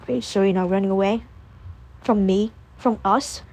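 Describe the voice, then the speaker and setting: A woman voicing a tender, heartbroken young man who speaks in a soft, subdued and emotional way. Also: mid-range voice, steady tone, moderate pace, natural voice.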